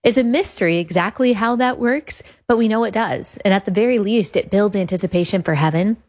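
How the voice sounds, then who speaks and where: Podcast host, woman, earnest and emphatic delivery, mid-pitched voice. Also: brisk, darkish tone. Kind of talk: podcast talk on faith.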